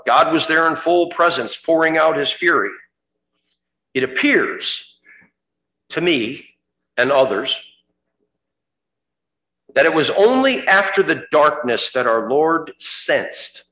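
A man's voice: on the high side, sharp tone. Impassioned preacher man in an echoey room. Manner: dramatic, rising to fervent cries when quoting Jesus. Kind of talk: sermon.

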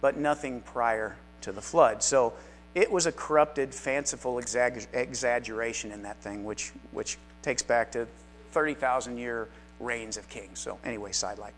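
A man's voice: mid-range voice, moderate pace, faint music behind. A man teaching a live Bible study class in a chatty, self-deprecating way, with frequent asides to the group.

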